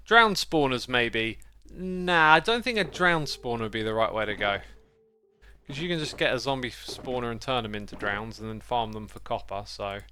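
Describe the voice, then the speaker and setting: A man's voice: mid-range voice, expressive, normal speed, bright, forceful tone, a little hiss or hum. A man streaming a game live, chatting and muttering to himself as he plays. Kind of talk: casual gaming livestream commentary.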